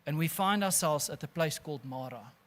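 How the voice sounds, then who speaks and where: A pastor preaching an animated sermon, calling listeners friends and laughing often. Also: male voice, fairly high pitch, fairly quick.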